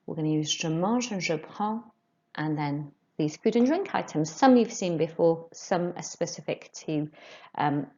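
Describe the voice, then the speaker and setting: Slow, patient woman teaching French. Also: low-pitched, warm tone, muffled recording. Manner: slow, clear modelling of words for repetition. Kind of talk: recorded language lesson.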